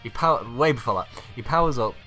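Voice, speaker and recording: A man's voice: mid-range voice, expressive, quick pace, sharp tone, faint music behind. A man recapping an anime episode in a casual, rambling way, full of fillers and little laughs. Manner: rambling, filler-heavy, chuckles often. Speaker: YouTube anime reviewer.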